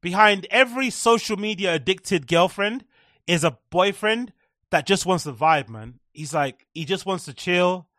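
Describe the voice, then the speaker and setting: High-voiced man ranting sarcastically. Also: unhurried, bright, forceful tone, no room sound, clean studio sound. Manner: sarcastic, profane ranting with mocking impressions. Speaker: podcast host. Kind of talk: comedic commentary on clips.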